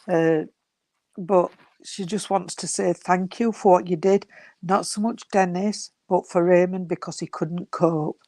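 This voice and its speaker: Woman medium, low steady voice, dry close sound, says darling a lot. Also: measured pace, no room sound. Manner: affectionate, calls listeners sweetheart and darling. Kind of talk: giving spirit messages in an online healing service.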